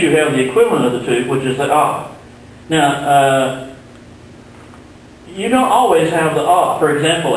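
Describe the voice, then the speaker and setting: A man giving a recorded Spanish grammar lesson, explaining slowly and patiently with the odd filler. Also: on the high side. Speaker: Spanish teacher. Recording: very echoey room, mic far off.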